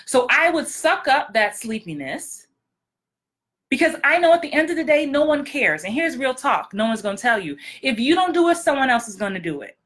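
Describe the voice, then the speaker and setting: A woman's voice: sits high, sing-song, normal speed, a bit bright. A woman acting coach giving very direct, blunt advice in a frank, emphatic vlog talk. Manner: frank, emphatic, repeats for effect.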